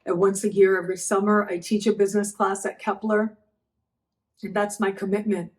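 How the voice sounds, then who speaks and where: A middle-aged woman hosting her astrology channel, speaking to camera after a stretch of bed rest in an emotional, halting way, thanking her viewers again and again. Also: medium pitch, flat delivery, darkish tone. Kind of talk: heartfelt personal talk to camera.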